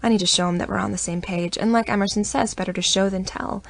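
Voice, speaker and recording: A woman narrating a first-person romance audiobook in an intimate, expressive reading voice. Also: medium pitch, fast talker, creaky.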